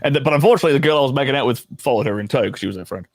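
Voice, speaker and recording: Talking very fast at a medium pitch, this storytelling host from Australia keeps things casual and blunt, cursing liberally and breaking into laughing side comments. He has an Australian accent, and the recording is dry.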